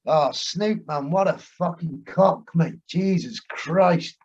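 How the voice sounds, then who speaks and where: A man's voice: on the high side, takes it slowly, a little mellow. Brusque man, lo-fi sound. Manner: brusque and sweary, with lots of short agreeing replies. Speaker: podcast co-host. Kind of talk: casual chat. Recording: dull lo-fi recording.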